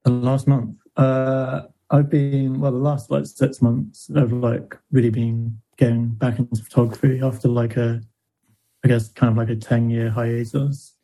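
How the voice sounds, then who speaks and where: A man's voice: mid-range voice, level tone, a little slow, warm tone, low-quality recording. A Welsh man talking as a podcast guest in a casual interview, hesitant, with lots of fillers.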